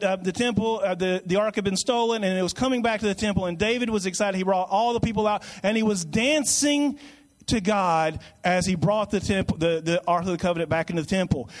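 High-voiced preacher man. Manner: conversational, with repetitions and restarts. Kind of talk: sermon.

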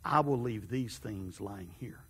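A preacher voicing a soft, patient God. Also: male voice, on the low side, lively intonation, measured pace, husky, pitched below the performer's own voice, exaggerated voice. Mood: gentle. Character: calm, gentle God speaking softly. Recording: long hall reverb.

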